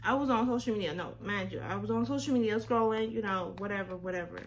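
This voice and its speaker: A female vlogger tells a storytime tale, animated and incredulous, firing off rhetorical questions, repeating words, and dropping to near-whispers for asides. Her mid-range voice moves fast, with a little hiss or hum in the audio.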